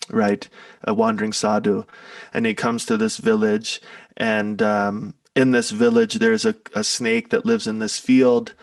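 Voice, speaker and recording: A man, a musician, talking in a relaxed, rambling way, reflecting and telling a parable. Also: fairly low pitch, gravelly, no room sound, recorded from a distance. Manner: relaxed, rambling, laughs often. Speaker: musician guest. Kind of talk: casual spoken reflection and storytelling.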